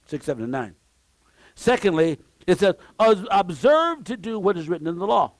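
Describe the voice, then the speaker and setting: Preaching in a church sanctuary, this male pastor is emphatic, moving between loud outbursts and hushed asides, returning to key phrases and exclaiming praise. His delivery is sing-song at a moderate pace, recorded without echo.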